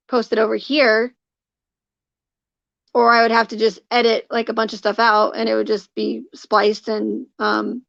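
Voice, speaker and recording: A woman with a fairly high but flat voice and a lot of gravelly fry, chatting casually to her live stream viewers. She rambles, restarts her sentences and leans on fillers. The audio is dull and lo-fi. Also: dry recording. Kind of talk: casual livestream chat to viewers.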